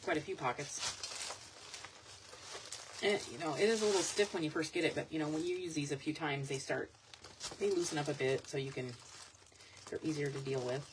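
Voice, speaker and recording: Low-voiced chatty woman, noisy recording. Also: brisk, long pauses. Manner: chatty, rambling, thinks aloud. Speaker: online vintage seller showing products. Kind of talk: casual live-stream product showcase. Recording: loud background noise, crinkling packaging.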